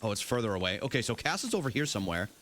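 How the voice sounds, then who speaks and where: A man's voice: very fast, slight background noise. A young man streaming a game live, chatting casually and goofily with his viewers. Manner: goofy, banters with chat, animated swings in pitch. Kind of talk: casual live gameplay chat.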